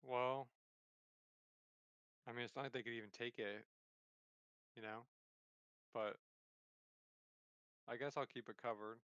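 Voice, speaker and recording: A man's voice: medium pitch, fairly even intonation, unhurried, pauses often, fairly bright tone, smooth, dry recording, muffled recording. A man playing in a tabletop role-playing game, talking casually and joking. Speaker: player.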